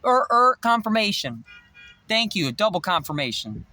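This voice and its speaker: A man ranting to camera in a rambling, profane monologue, swinging between shouting and muttering. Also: sits high, big pitch swings, moderate pace, soft background music. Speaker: vlogger.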